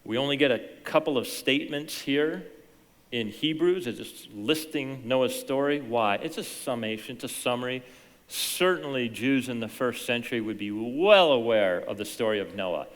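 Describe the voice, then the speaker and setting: A man preaching a sermon as pastor, telling stories in an animated way that swings from hushed to loud. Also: medium pitch, moderate pace, big-room sound. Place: church sanctuary.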